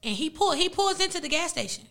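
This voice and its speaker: A young woman whose first language is Arabic, casually retelling a story in an animated, slangy way as a podcast guest. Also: extremely high pitch, fast talker, vocal fry.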